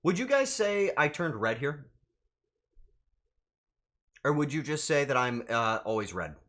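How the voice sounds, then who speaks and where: Animated, bright-voiced male streamer. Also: a little high, measured pace. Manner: animated, flustered, swearing banter with chat. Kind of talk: casual live-stream chat.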